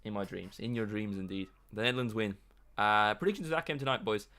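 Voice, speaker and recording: A man's voice: fairly low pitch, quick pace, bright, forceful tone. A man streaming live, reacting and rambling in a joking, self-mocking way. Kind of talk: casual live-stream commentary.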